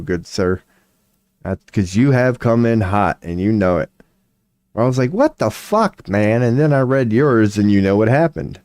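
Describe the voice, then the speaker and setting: A man talks loosely to his stream audience, rambling between tarot readings, swearing and laughing easily. His voice sits low and mellow, worn a little hoarse, and he keeps clearing his throat. The sound is dry and close, with no room around it. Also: no room sound. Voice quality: voice going hoarse from long streams. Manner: rambling, swears casually, laughs often, reads chat aloud. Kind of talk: casual live-stream chat.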